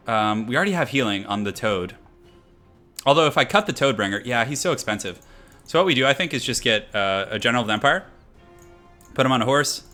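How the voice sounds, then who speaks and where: A man's voice: medium pitch, bright, forceful tone. A man casually commenting on his own game during a live stream, thinking aloud, chatting with viewers and laughing often.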